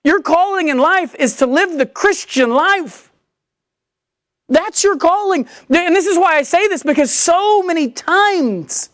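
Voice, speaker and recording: A woman's voice: extremely high pitch, dry recording, studio quality. A woman preaching a sermon, reading scripture aloud and pressing her point with questions she answers herself. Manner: emphatic, asks and answers rhetorical questions.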